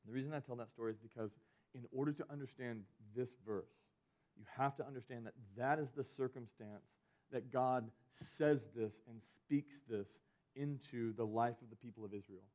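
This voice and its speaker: A man's voice: medium pitch, moderate pace, a little mellow. A young man, a student ministry pastor giving a conversational youth sermon, full of "like" fillers as he retells a personal story. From Georgia.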